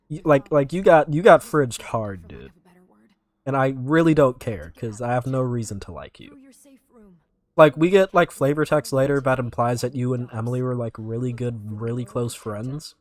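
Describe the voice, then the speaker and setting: A man's voice: medium pitch, normal speed. A young man from North Carolina, streaming and commenting casually in a rambling, filler-heavy way. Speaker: streamer reacting to videos. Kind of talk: casual live-stream chat.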